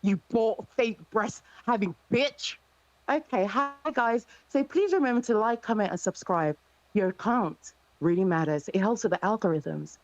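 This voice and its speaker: A woman's voice: medium pitch, moderate pace, no room sound, lo-fi sound. A woman taunting and mocking someone over and over in a heated insult exchange on a live stream.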